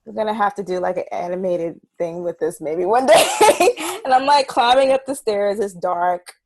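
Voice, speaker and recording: A woman saxophonist talking as a guest in a casual interview, telling stories in an animated way and laughing often. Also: mid-range voice, moderate pace, background noise.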